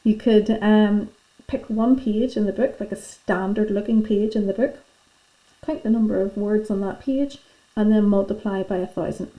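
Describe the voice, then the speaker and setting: A woman's voice: mid-range voice, steady tone, normal speed, dull audio. A woman teacher, patiently and chattily talking pupils through filling in their lesson notes. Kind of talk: classroom lesson going through worksheet notes.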